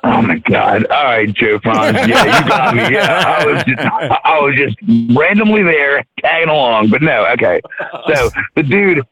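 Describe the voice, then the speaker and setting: A man's voice: medium pitch, big pitch swings, normal speed, a crowd in the background. A man from Maryland telling a story in casual chat, rambling and profane, with lots of fillers and restarts. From Maryland, USA. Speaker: podcast co-host. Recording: tinny phone-like, dry sound.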